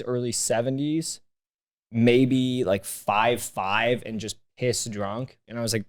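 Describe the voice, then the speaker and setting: A young man, a comedian guest on a podcast, telling animated, profane stories in a studio and acting out what people said. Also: mid-range voice, measured pace. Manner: animated, profane, acts out quoted voices. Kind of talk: casual podcast chat, storytelling.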